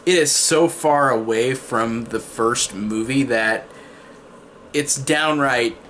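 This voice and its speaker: A man's voice: mid-range voice, slow, fairly bright tone, a little hiss or hum. A young man giving a casual spoken movie review, rambling with lots of fillers and restarts. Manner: mocking character voices when quoting.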